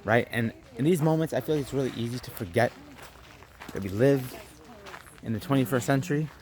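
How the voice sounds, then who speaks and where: Young man telling a lively story. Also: medium pitch, a little fast. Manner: animated storytelling, acting out his own lines. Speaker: vlogger. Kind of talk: storytelling vlog.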